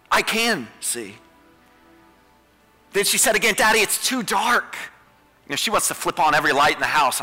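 A man in his thirties preaches with a ringing, bright tone that sits a little high. He swings between pleading peaks and hushed, repeated refrains. A long hall reverb trails his words, with a soft wash of music beneath. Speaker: pastor. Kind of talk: sermon.

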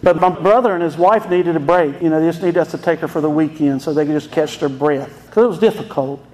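A man's voice: on the high side, fast, a little mellow. A middle-aged man, a pastor telling an emotional family story in a folksy sermon.

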